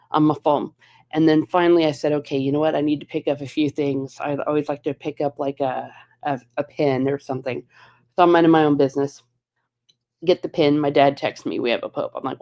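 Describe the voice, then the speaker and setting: A jet-lagged woman hosting a casual livestream, telling a story in an excitable way and acting out her own reactions. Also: low voice. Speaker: livestream host.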